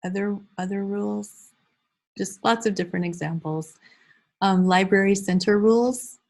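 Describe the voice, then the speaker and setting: A woman's voice: medium pitch, normal speed, creaky, darkish tone. A woman leading an online class for early childhood teachers, casually talking through examples and reading them aloud. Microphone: video call.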